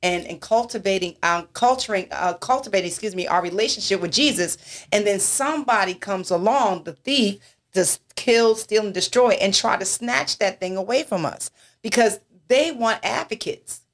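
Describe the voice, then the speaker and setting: A woman's voice: mid-range voice, moderate pace. A woman minister in a church talk discussion, speaking emphatically and asking rhetorical questions.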